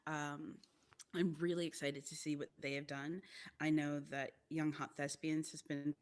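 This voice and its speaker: Low-voiced woman guest, animated rambling. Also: a little slow. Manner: rambling, animated, playful asides. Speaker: podcast guest, theatre artist. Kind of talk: casual chat.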